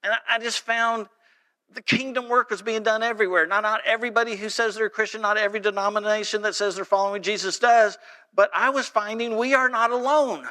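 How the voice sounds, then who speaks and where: A man preaching a sermon in a church, telling stories and reading scripture aloud with animated delivery. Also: high-pitched, brisk, smooth. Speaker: pastor. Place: church sanctuary.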